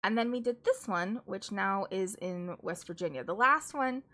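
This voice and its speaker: A woman's voice: medium pitch, expressive, normal speed, fairly bright tone. A woman casually reviewing books on a live stream, chatty and rambling, with frequent laughs and restarts. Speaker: book streamer.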